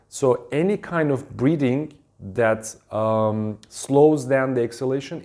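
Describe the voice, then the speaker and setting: Calm halting man teaching breathwork. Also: medium pitch. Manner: calm, halting, with many ums and restarts. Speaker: wellness teacher. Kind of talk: casual instructional talk.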